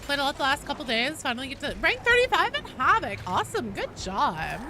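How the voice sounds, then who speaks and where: A woman's voice: high-pitched, big pitch swings, a little fast, background noise. A woman game streamer chatting casually with her viewers while playing, swearing freely and greeting people in chat. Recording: game music playing behind the voice.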